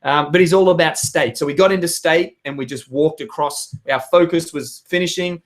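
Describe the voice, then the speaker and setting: Hoarse, energetic motivational man. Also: fairly high pitch, normal speed. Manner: energetic, emphatic, bursts into loud shouts. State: hoarse, losing his voice. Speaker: vlogger. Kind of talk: motivational talk to viewers.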